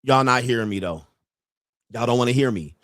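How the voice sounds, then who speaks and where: A man hosting a live stream as a dating coach, reacting to clips in a loud, mocking way and jumping into shouted bits. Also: medium pitch, brisk, no echo, studio quality.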